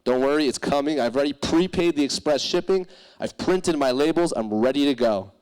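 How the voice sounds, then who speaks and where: A young man, a startup founder, telling a comic failure story on stage at a live event, animated and profane, acting out the voices of people he quotes. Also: fairly high pitch, fairly quick, smooth, rough recording.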